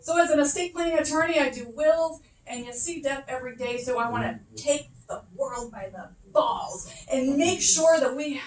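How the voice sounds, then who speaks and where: A woman's voice: high voice, normal speed, hardly any pauses, distant mic, a little hiss or hum. A middle-aged woman doing a chatty, self-deprecating stand-up set, swearing casually as she tells stories. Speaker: first-time stand-up comic. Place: comedy club stage. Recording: echoey room, voice off-mic.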